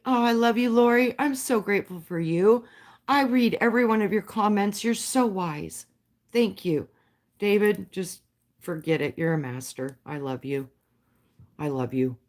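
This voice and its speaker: Woman on a livestream, soft and heartfelt, thanking viewers by name, spiritual chat. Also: medium pitch, unhurried. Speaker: livestream host.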